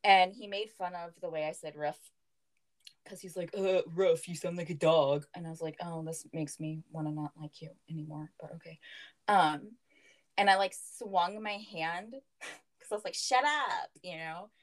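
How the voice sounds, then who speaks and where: A young woman co-hosting a casual chat, telling animated stories, swearing freely and laughing often. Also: lowish voice, normal speed, rough recording. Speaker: podcast co-host.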